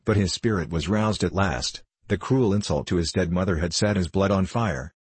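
Deep, husky male audiobook narrator. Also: a little mellow, no echo. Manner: measured, formal storytelling. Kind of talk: audiobook narration of a classic novel.

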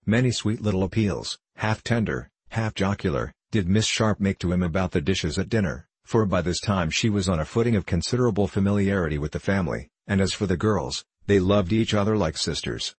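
A man narrates a classic novel in a measured, wry manner. His voice is low and husky. The recording is close and dry. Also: animated, no echo. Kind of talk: audiobook reading of a classic novel.

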